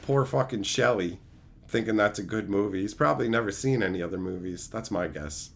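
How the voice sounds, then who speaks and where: A man's voice: lowish voice, fairly quick, gravelly. A man streaming live, chatting with viewers and ranting with a lot of swearing. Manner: profane, animated ranting; answers viewer chat. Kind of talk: casual livestream chat.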